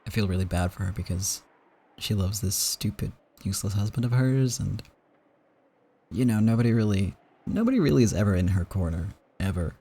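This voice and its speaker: A man's voice: on the low side, expressive, fairly quick, dark tone, breathy edge. A man hosting a game playthrough, talking casually in a rambling, stammering, emotional way. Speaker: let's play host.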